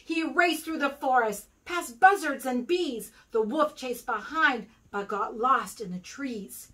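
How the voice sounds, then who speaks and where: An American woman reads a rhyming picture book to young children in a sing-song storytelling manner. Her voice is high and bright, and her pace is slow. The mic is slightly distant. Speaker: guest reader for kindergarten.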